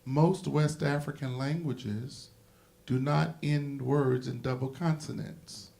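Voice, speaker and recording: A man's voice: mid-range voice, steady tone, slow pace, gravelly, mellow. A man moderating a symposium panel, explaining ideas in an emphatic, lecturing way like a history teacher.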